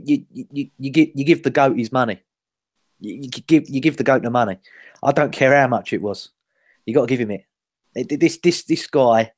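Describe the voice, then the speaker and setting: Animated man gushing on a dry mic. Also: mid-range voice, no echo. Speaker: podcast co-host. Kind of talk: casual football chat.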